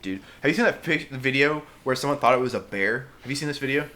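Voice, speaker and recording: A man's voice: medium pitch, fast talker, pushed and bright. A young man co-hosting a casual podcast, laid-back and teasing, with lots of slang. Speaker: podcast co-host. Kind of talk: casual chat.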